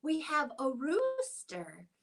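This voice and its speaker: A young woman leading a toddler storytime, reading picture books and rhymes in a playful sing-song voice with soft hushed asides. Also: high voice, wildly swooping pitch, slow, vocal fry. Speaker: children's librarian.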